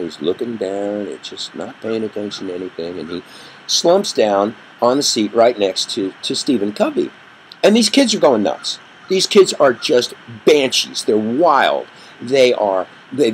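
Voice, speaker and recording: A man teaching a communication workshop, telling a story with an animated delivery that rises and drops for effect. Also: on the low side, slight background noise, poor audio. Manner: animated storyteller, rising and dropping his voice for effect. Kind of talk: storytelling lesson.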